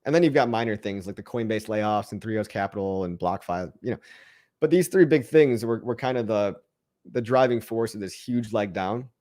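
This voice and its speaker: A man's voice: on the low side, fairly quick, darkish tone. A man hosting a livestream and answering chat questions in a casual, upbeat pep talk that rambles and restarts words. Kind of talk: casual motivational rant.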